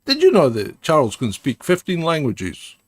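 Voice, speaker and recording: Guy doing snarky live commentary, really animated, grumbly rants. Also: on the high side, normal speed, breathy edge, no echo. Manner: sarcastic, ranting, laughs often.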